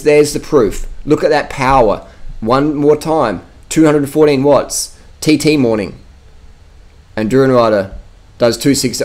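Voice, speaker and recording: A man's voice: medium pitch, a little mellow. Profane, ranting man. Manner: profane, emphatic, boastful. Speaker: cycling vlogger. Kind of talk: casual vlog rant.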